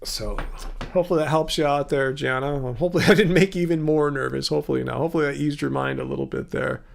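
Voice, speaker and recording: A man's voice: a little high, steady tone, quick pace, vocal fry. A tired man in his fifties hosting a casual livestream, rambling as he answers viewers' comments by name. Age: 50s. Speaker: livestream host.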